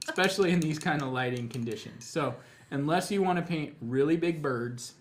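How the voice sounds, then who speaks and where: Relaxed, chatty male painting instructor. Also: on the high side. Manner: relaxed, chatty, step-by-step explaining. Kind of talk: live tutorial demonstration.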